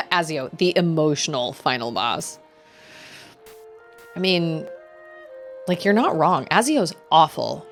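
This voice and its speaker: A chatty young woman streams a game from home, giggling and greeting her viewers in sudden high bursts. Her pitch swoops lively up and down as she talks. Faint game music runs behind her voice. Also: slow, long pauses. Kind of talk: casual live-stream chat.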